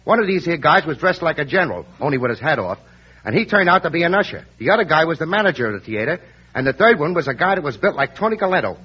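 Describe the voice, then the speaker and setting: An actor playing Joe, an excitable, hotheaded Brooklyn husband in a 1930s radio comedy, slangy and protective. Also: male voice, fairly high pitch, fast, slightly rough. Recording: dull lo-fi old radio recording.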